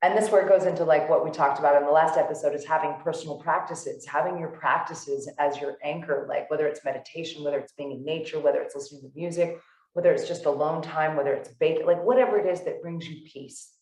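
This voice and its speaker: A woman co-hosting a casual conversation, animated and full of "like"s and restarts. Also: low-pitched, fast talker, echoey room, distant mic, low-quality recording. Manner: animated storyteller, many "like"s and restarts. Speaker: podcast co-host.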